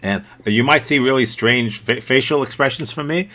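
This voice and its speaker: A man's voice: mid-range voice, moderate pace, sharp tone. A man teaching an improv workshop over a video call, joking and self-mocking. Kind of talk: casual workshop talk.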